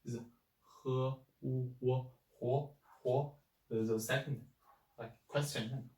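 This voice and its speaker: A man teaches pinyin at a very slow, careful pace, patiently repeating each syllable several times. He sits some distance from the mic in a roomy, echoing space. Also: mid-range voice, flat delivery, darkish tone. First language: Chinese. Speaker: Chinese language teacher. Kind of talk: slow spoken language lesson.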